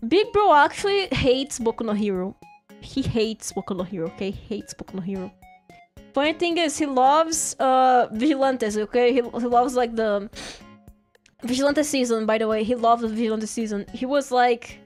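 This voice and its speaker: A woman's voice: on the high side, expressive, normal speed, a little mellow, soft background music. A woman streamer chatting casually while drawing, rambling through stories with lots of giggles and acted-out quotes.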